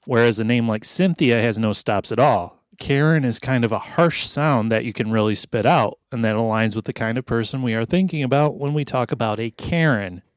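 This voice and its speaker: A male podcast co-host with a mid-pitched voice, dry and wry, dropping profanity while he walks through his research. He is recorded close on a mic in a dead, dry space. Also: normal speed, few pauses, no room sound. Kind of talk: casual podcast chat.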